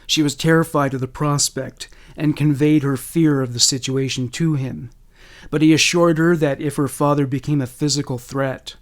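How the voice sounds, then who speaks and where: A man giving scripted narration in a measured, serious way. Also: on the high side, fairly even intonation.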